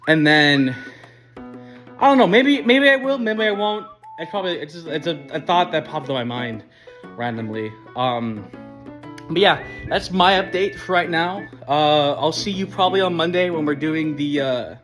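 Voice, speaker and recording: A young man giving a casual video diary update, excited and rambling with lots of fillers and restarts. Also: fairly high pitch, moderate pace, soft background music. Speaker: vlogger planning a party.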